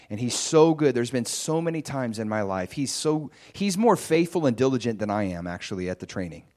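Male preacher, testimony-style sermon; lively storyteller, spikes high when excited. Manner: animated storytelling with sudden high excited bursts.

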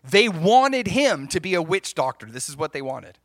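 A man preaching through a story, animated and acting out the voices of the people in it. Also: on the high side, normal speed, no echo, clean studio sound. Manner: animated, acts out quoted voices. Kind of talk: sermon storytelling.

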